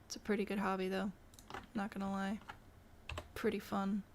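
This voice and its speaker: A woman's voice: mid-range voice, level tone, moderate pace, a little hiss or hum. A young woman from the US Midwest with a mild Midwestern accent, chatting casually on a live stream, thinking aloud and answering chat while she builds in a game. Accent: mild Midwestern American. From Michigan, US Midwest.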